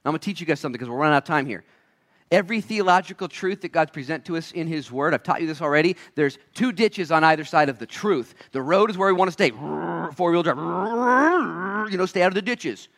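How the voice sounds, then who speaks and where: A man preaching a sermon as a pastor, acting out little voices, swinging between loud shouts and quiet asides. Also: a little high.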